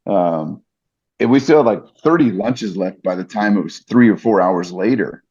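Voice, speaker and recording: A man's voice: fairly low pitch, animated, normal speed, a little mellow, breathy edge, lo-fi sound. A man, a podcast guest and ring announcer, earnestly retelling a personal story with vivid detail and fillers.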